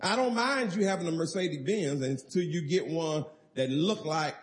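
A pastor delivers his sermon with a notably high-pitched male voice. He preaches emphatically, pressing his points and drawing answers from the congregation. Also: normal speed. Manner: emphatic preaching with call-and-response.

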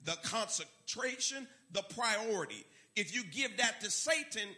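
A man's voice: sits high, sharp tone. A man preaching a sermon, emphatic and repeating key words for effect. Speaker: pastor.

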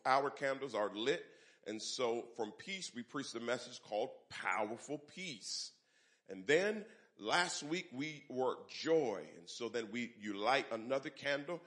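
A man preaching a sermon from the pulpit of a church. His voice sits at a middle pitch. He leads the congregation in call-and-response and pushes his voice up on the phrases he wants to land. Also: a bit bright. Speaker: pastor. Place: church sanctuary.

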